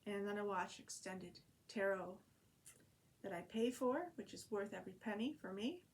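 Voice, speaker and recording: A woman's voice: mid-range voice, moderate pace, slight background noise. A woman talking casually in a diary-style vlog, rambling and chatty with frequent fillers and restarts. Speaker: vlogger and online French teacher.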